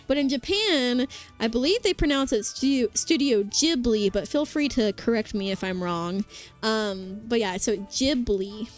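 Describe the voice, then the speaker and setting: A bubbly woman streaming and chatting casually with her viewers, her voice pitched a little high. She rambles along with plenty of fillers and restarts, and quiet music plays underneath. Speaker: vtuber streamer. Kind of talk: casual chat with live chat. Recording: faint background music.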